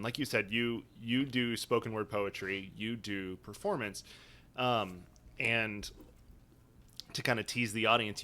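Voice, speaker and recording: Bright-voiced male podcast host. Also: mid-range voice. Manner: friendly, searching for words while asking. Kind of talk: casual interview questions.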